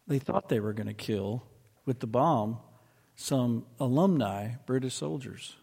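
A man preaching a sermon, telling a story and slowing down to press his points. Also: mid-range voice, gravelly, mellow, husky, big-room sound. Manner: storytelling, slows and presses for emphasis. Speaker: pastor.

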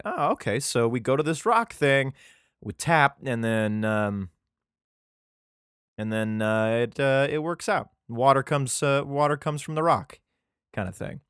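A man's voice: medium pitch, expressive, unhurried, fairly bright tone, smooth, no room sound, clean studio sound. A man hosting a solo podcast, reading scripture aloud and breaking in with profane, jokey asides full of fillers. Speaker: podcast host. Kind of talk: casual irreverent Bible reading and commentary.

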